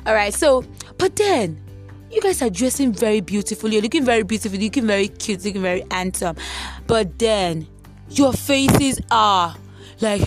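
A woman's voice: mid-range voice, moderate pace. A young woman telling a personal story as a motivational talk, acting out the voices of the people in it. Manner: animated, acts out voices of others. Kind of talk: storytelling monologue. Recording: faint music behind.

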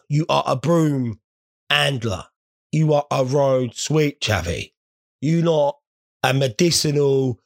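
Gravelly bloke ranting crudely. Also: male voice, mid-range voice. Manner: crude, swearing, rambling banter. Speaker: vlogger. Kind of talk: casual comedic rant to camera.

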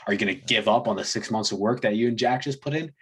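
Young man, podcast guest, husky, lowish voice, relaxed storytelling, lots of fillers. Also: quick pace. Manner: relaxed, many fillers, laughs between phrases. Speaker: podcast guest, fitness coaching business owner. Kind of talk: casual storytelling.

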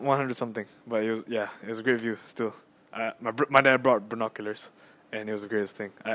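A young man hosting a casual solo podcast on his phone, rambling and excitable as he tells a story with lots of fillers and restarts. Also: mid-range voice. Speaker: podcast host.

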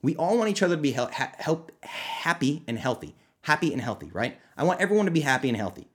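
A man hosting his own podcast as a nutrition coach, talking casually and animatedly, often jumping into high, excited mock voices. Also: fast talker. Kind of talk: casual solo podcast talk.

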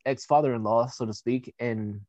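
A man's voice: medium pitch, normal speed, darkish tone, dry recording, dull audio. Candid, profane young man telling a story. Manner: candid and profane, with frequent fillers. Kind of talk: casual personal anecdote.

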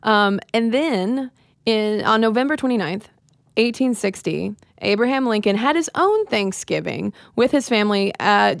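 A woman co-hosts a podcast and talks through history in an easy, chatty way. Her pitch sits in the middle of the usual range. The mic is close, with no room sound. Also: creaky, dry recording. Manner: conversational, explains with fillers. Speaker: podcast co-host. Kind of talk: casual history chat.

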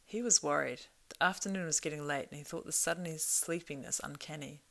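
An audiobook narrator reads a storybook aloud, measured and expressive. Her voice is low for a woman and carries a steady gravelly rasp.

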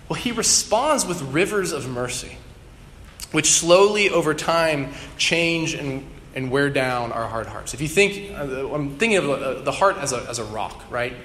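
A man's voice: mid-range voice, fairly bright tone. A young adult man preaching a conversational sermon with casual ums and restarts. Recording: long hall reverb, faint room noise.

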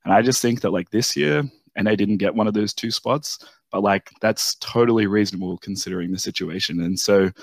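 A young man from Australia calls in with a low voice and talks in a loose, rambling way full of fillers. His line sounds dry and close. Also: fairly quick, creaky, few pauses, no echo. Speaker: caller. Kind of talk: casual esports discussion.

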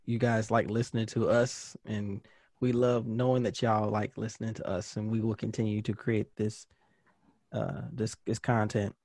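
A man's voice: lowish voice, level tone, normal speed, darkish tone, no room sound, clean studio sound. A man co-hosting a podcast, chatting casually in a joking, slangy way into a foam-covered mic. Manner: laid-back, joking, slangy. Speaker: podcast co-host. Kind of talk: casual chat.

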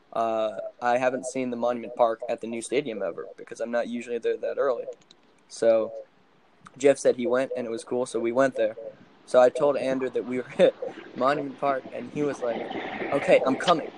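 A young man in a casual podcast chat who rambles through a story, full of ums and little laughs. His voice sits at an ordinary pitch, with a faint hiss behind it. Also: flat delivery, normal speed. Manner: rambling, laughs while telling, many fillers. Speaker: podcast guest.

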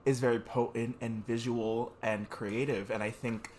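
A man's voice: mid-range voice, little pitch movement, a little slow, darkish tone, slight background noise. A man hosting a reflective conversation, thoughtfully summing up and rephrasing what his guest says. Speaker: host.

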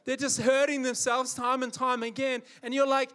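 A man's voice: extremely high pitch, level tone, moderate pace, a bit bright, clear, resonant tone. A man preaching a sermon, impassioned and emphatic, building his points through repetition.

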